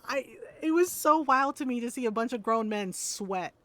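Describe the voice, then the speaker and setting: High-voiced streamer woman, laughing storyteller. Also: moderate pace, dry recording. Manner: animated, laughs often, tags lines with "right?". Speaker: gaming streamer. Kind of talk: casual storytelling on a live stream.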